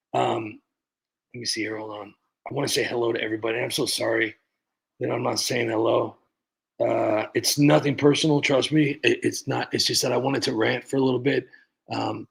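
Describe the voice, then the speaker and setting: Livestream host, male, gravelly and husky, rambling and halting, casual. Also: medium pitch, rough recording. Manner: rambling, halting, with many restarts and sighs. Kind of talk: casual livestream rant and chat greetings.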